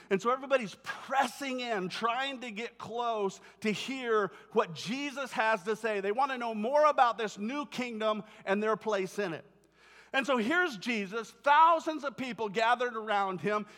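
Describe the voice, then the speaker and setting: A male pastor delivers a sermon in a church, talking to the congregation in a conversational, storytelling way. His voice sits high for a man, and he slips into little acted-out voices as he goes. The sound rings with the long reverb of a big hall. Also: pushed and bright. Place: church sanctuary.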